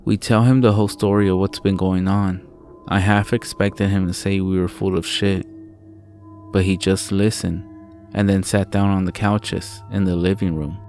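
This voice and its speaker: A man with a very deep voice reads a first-person horror story, swearing often. His delivery is level and flat, barely rising or falling. A soft music bed plays behind him. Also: moderate pace. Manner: low, steady storytelling with frequent swearing.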